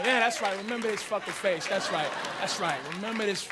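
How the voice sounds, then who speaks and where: A man in his thirties doing a profane stand-up set, telling brash stories and bursting into shouted character voices. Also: sits high, quick pace, few pauses. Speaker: stand-up comedian. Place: comedy club stage. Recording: live club recording with loud crowd laughter and noise.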